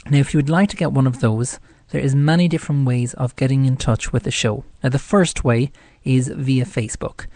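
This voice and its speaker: A man's voice: mid-range voice, fairly even intonation, fairly quick, few pauses, a little mellow, no room sound. Chatty Irish man hosting radio. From Ireland. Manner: chatty and rambling. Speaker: radio show host. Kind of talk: casual live radio talk.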